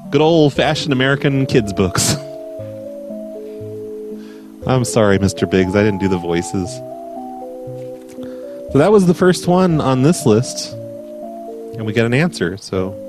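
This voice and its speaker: A man's voice: mid-range voice, sing-song, slow, pauses often, over music. A man hosting a live prank call show, teasing a caller in a mock-earnest way.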